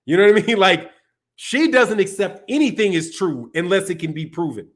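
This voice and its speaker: High-voiced man rambling on a livestream. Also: lively intonation, normal speed, fairly bright tone. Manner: loose, rambling, slangy, says dog and man. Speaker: boxing channel host. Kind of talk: casual livestream chat.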